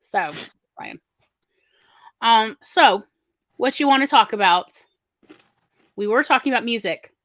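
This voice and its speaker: A woman's voice: a little high, measured pace, pauses often, fairly bright tone, no echo. A woman co-hosting a podcast, chatting casually and rambling with lots of fillers. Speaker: podcast co-host. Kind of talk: casual chat.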